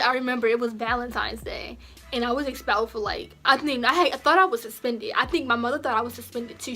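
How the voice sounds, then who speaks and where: A young woman recounting a personal story to her viewers in a casual, chatty way. Her voice sits a little high, and she jumps up in pitch and volume whenever she imitates someone. Soft music plays faintly behind her. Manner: animated, acts out quotes in raised voices. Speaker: vlogger.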